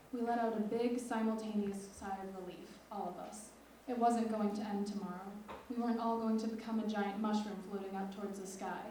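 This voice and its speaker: A teenage student writer reads her lyric essay aloud in a measured, expressive way, her mellow, dark-toned voice sitting in the mid-range. She stands back from the mic in a large, echoing hall, so she sounds far off, with faint noise in the background.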